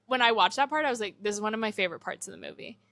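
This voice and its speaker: A woman's voice: medium pitch, rapid-fire, fairly bright tone, no echo. A young woman cohosting a podcast, chatting casually about a movie and quoting its characters.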